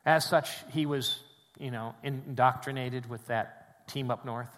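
A man preaching a sermon in a church, swinging between loud emphatic peaks and quiet, low drops. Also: fairly even intonation, a little slow, long reverb tail. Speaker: pastor. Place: church sanctuary with congregation.

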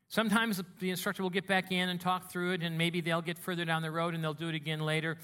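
A man preaching a sermon as a pastor, telling stories with animated swings between hushed and loud delivery. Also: on the high side, brisk.

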